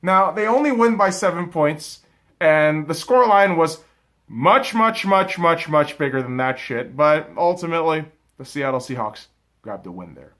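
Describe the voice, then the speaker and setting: A man's voice: on the high side, expressive, moderate pace. Profane, fired-up young male sports ranter. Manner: profane, heated ranting with big swings in loudness. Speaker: sports podcast host. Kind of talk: casual fan commentary.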